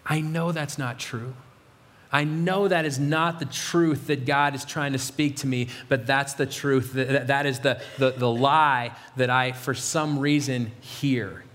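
A man's voice: mid-range voice, steady tone, measured pace, hardly any pauses, a bit bright, in a large hall. A middle-aged man, a pastor, preaching an earnest, conversational sermon full of repetition and restarts.

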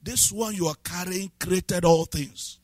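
A man preaching a sermon as a pastor, swinging from low asides to shouted, half-sung lines and repeated questions to the congregation. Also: unhurried, no echo. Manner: breaks into speaking in tongues.

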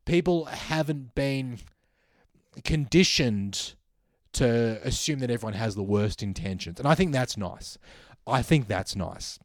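An Australian man in the middle of a comedic podcast monologue, thinking aloud in a wry, musing way and often restarting his sentences. His voice sits at an ordinary pitch for a man. The sound is dry and close, with no room echo. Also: lively intonation, unhurried. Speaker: comedian host.

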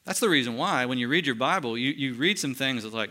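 A male pastor preaching a sermon in an earnest tone, slowing down and dropping quiet for emphasis. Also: mid-range voice, lively intonation.

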